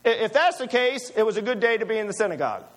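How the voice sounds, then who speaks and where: A man's voice: high-pitched, sing-song, racing, fairly bright tone. A man preaching a sermon, emphatic and full of rhetorical questions to his listeners.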